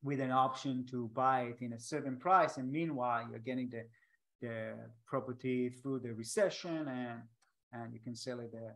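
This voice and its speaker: A podcast host with an Israeli accent talks over a video call. He is a man whose first language is Hebrew, and his English comes in halting bits with restarts and odd grammar. His voice sits at a middle pitch. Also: fairly even intonation, fairly bright tone. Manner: halting, restarts often, non-native grammar.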